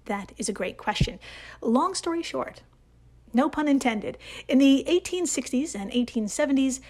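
Playful American woman podcast host. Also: a little high. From United States. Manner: playful, sarcastic, swings from loud to hushed asides. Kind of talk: scripted comedic science podcast.

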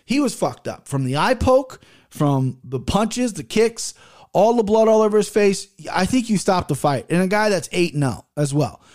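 A man's voice: high-pitched, expressive, normal speed, darkish tone. A man hosting a casual solo commentary podcast, blunt and opinionated, swearing freely as he reviews fights. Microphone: headphones and desk mic.

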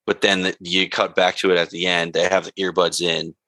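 Man, very deep yet bright and forceful voice, animated recap host. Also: a little fast, dry recording. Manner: animated, swears freely. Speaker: podcast co-host. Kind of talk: casual TV recap chat.

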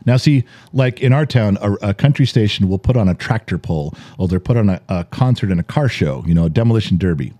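A man in his forties, co-hosting a podcast and telling animated stories in casual chat, acting out the dialogue and swearing freely. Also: on the low side, fast talker, few pauses, dry recording. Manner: animated storyteller, acts out quoted dialogue, swears. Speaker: podcast co-host.

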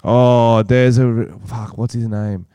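A man's voice: mid-range voice, flat delivery, slow pace, mellow, smooth, no echo. A man co-hosting a podcast in casual, sweary banter, laid-back and trailing off mid-thought. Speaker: podcast co-host.

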